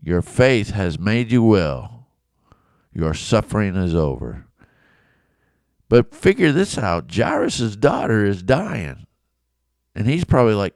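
A man's voice: on the low side, very animated, slow, long pauses, a little mellow, no room sound, clean studio sound. A man giving a casual, conversational Bible lesson, acting out the people in the story. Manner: conversational, acts out quoted voices. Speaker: Bible teacher.

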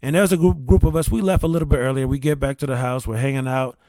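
A man's voice: medium pitch, steady tone, quick pace, a little mellow, dry recording. A man casually telling a long personal story, rambling with restarts, repeated words and casual swearing. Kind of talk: casual anecdote.

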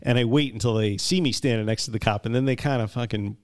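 A man in his fifties co-hosting a podcast, telling a story in a wry, unhurried way in casual chat. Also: medium pitch, a little mellow. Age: 50s. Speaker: podcast co-host.

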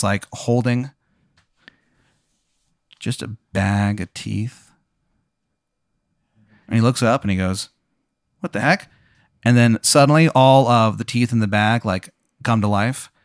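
A man's voice: medium pitch, fairly even intonation, unhurried, pauses often, smooth, no room sound, studio quality. Casual profane game master, man. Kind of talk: narrating a tabletop game.

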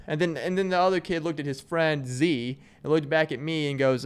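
A man's voice: fairly high pitch, steady tone, a little fast, few pauses, clean tone. A young man from Arkansas, hosting his podcast in a loose, joking ramble full of fillers and restarts. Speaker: podcast host. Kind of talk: casual solo chat.

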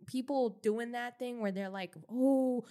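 A woman's voice: mid-range voice, normal speed. A woman co-hosting a podcast, chatting bluntly with many restarts and fillers. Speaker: podcast co-host. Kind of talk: casual opinionated chat.

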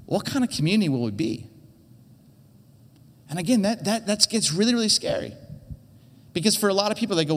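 An earnest male pastor gives a conversational sermon on a church stage, often stumbling and repeating words as he goes. His voice sits a little high. It rings with the long reverb of a large hall. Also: expressive, brisk, long pauses. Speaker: teaching pastor.

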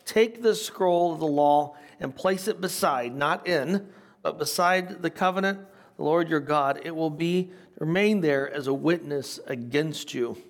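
A man's voice: on the high side, measured pace. An older man preaching a conversational Bible lesson, reading passages aloud and adding casual asides with light laughter. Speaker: pastor teaching a Bible study. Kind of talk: sermon.

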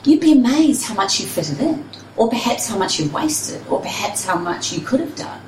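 A woman's voice: on the high side, lively intonation, moderate pace, darkish tone, echoey room, far from the mic, slight background noise, rough recording. A woman, a personal trainer and runner, telling her story candidly and expressively in an interview.

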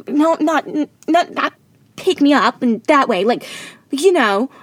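A woman's voice: sits high, animated, a little slow, no echo. Ditzy wannabe-starlet sister played by a woman, fake American accent, theatrical comedy audio drama. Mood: dramatic. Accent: put-on American. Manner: ditzy, theatrical, self-absorbed.

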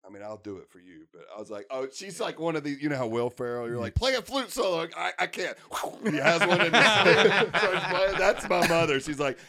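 A man's voice: fairly high pitch, animated, moderate pace, hardly any pauses, pushed and bright. A man hosting a podcast, joking and teasing his guest in casual banter. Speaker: podcast host.

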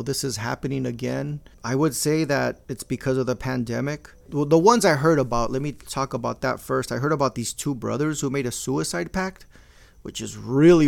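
Gravelly older man, blunt and profane. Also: mid-range voice. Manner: blunt, profane, mixes in Spanish slang. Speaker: podcast host. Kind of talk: casual monologue.

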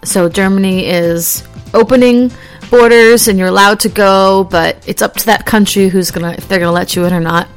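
A woman chats casually to her viewers in a rambling, easygoing way, laughing now and then. She gets animated when she acts out little everyday scenes. Faint music plays softly behind her. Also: mid-range voice, normal speed, clear, resonant tone. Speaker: vlogger. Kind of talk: casual chat.

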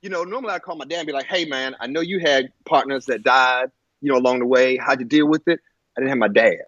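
A man telling a personal story in a halting way, with many fillers and restarts, on a muffled lo-fi recording. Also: mid-range voice, a bit bright, no room sound. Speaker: guest. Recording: muffled lo-fi audio.

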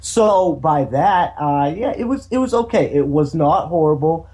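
A man's voice: a little high, animated, normal speed, mellow, poor audio. A man co-hosting a podcast, reviewing a horror sequel in a loose, hesitant way with lots of fillers. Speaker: podcast co-host. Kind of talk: casual movie review chat.

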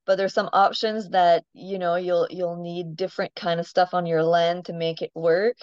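A woman's voice: lowish voice, flat delivery, normal speed, a little mellow, clean tone, dry recording, muffled recording. Chatty woman telling animal stories. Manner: chatty storyteller, laughs often, many ums. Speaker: farm animal owner, guest. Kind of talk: casual interview chat.

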